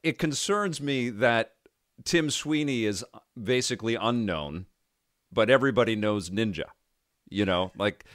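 A man's voice: fairly low pitch, lively intonation, measured pace, fairly bright tone, dry recording, studio quality. A man hosting a casual conversation, speaking earnestly and reflectively, often agreeing with his guest.

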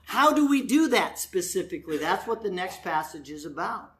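A man's voice: high-pitched, sing-song, normal speed. A man preaching a sermon as pastor in a church, earnest and direct, often putting rhetorical questions to the congregation.

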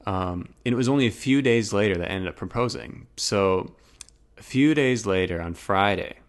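A man's voice: on the low side, moderate pace. A young man animatedly telling a personal story in casual chat, acting out his own past words.

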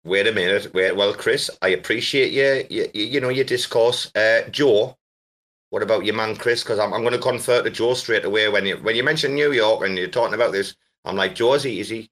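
A man hosting a casual chat, teasing and swearing, breaking into loud laughs. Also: on the low side, a little fast. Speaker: host.

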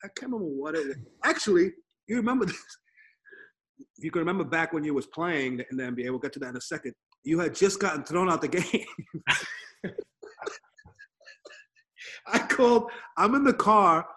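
Male podcast host, slightly high voice, animated storyteller, casual chat over a video call. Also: moderate pace, pauses often, a little hiss or hum.

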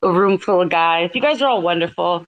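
A woman's voice: lowish voice, expressive, a little fast, lo-fi sound. Chatty Boston-woman host, laughing. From Massachusetts. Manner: laughing, storytelling, lots of "like". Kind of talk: casual chat.

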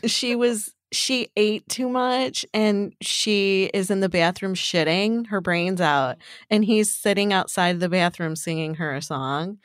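A woman's voice: mid-range voice, a little slow, no echo, clean studio sound. A woman hosting a podcast in casual chat, full of "like" and "um". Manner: chatty, lots of "like" and "um". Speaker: podcast host.

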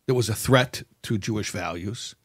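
A man interviewing a guest, explaining points in a measured, thoughtful way. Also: on the low side, a bit bright, breathy edge. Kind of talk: conversational interview.

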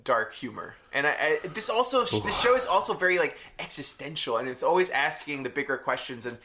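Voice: mid-range voice, animated, fairly quick, background noise. A podcast co-host giving thoughtful, reflective takes on a cartoon in casual chat.

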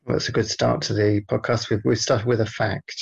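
A man with a gravelly, husky voice, trading dry, deadpan teasing with his co-host in a loose podcast chat. The sound is dull and a little lo-fi, and the voice sits at an ordinary pitch. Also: a little fast. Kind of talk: casual podcast banter.

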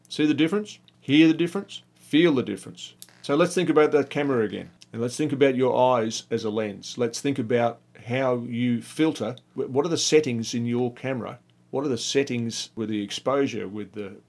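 Earnest motivational speaker. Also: male voice, medium pitch, darkish tone. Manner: earnest, rhetorical questions. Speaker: podcast host. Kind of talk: motivational monologue.

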